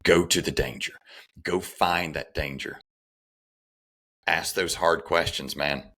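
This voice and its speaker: A middle-aged man with an extremely low, husky voice talks as a podcast guest. He tells his story earnestly, circling back to repeat key phrases. His tone has a gravelly, creaky edge. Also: fairly even intonation, slow, fairly bright tone. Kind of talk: conversational interview, personal story.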